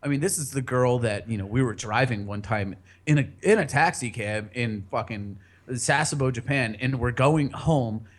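A man's voice: medium pitch, moderate pace. A man casually telling a long personal story on a podcast, rambling, laughing often and swearing freely.

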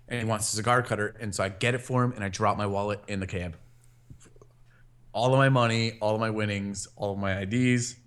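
Man rambling through a funny story. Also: lowish voice. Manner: rambling, laughs often, many fillers, animated quoting. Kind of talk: casual anecdote telling.

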